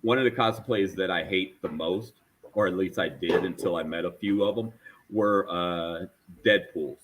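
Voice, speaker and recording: A man's voice: low-pitched, moderate pace, noisy background. A man talking casually on a podcast panel about cosplay, rambling with fillers and restarts.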